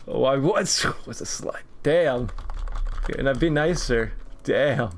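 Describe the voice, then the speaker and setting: A man's voice: medium pitch, slow pace. Rambling young man streaming while drawing. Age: 20s. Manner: rambling, jokey tangents, laughs often. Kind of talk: casual chat while drawing.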